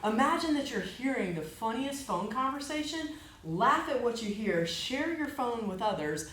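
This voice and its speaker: A woman's voice: fairly high pitch, expressive, moderate pace, a bit bright. A woman teaching laughter yoga to a group, upbeat and encouraging, often laughing as she explains the exercises. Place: large room with a group. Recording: echoey room with background noise.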